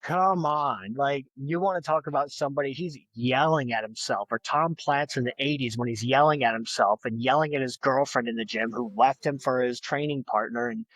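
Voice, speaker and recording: A man's voice: medium pitch, brisk, few pauses, fairly bright tone, no echo. Emphatic motivational man, dry sound. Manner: emphatic, motivational, leans on "like" and "you know". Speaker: podcast guest, fitness and bodybuilding figure. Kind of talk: casual interview talk.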